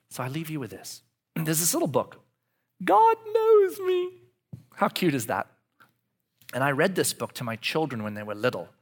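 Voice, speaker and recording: A man in his forties giving a confessional sermon as pastor, dropping to hushed whispers and rising to loud animated outbursts. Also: medium pitch, husky. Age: 40s.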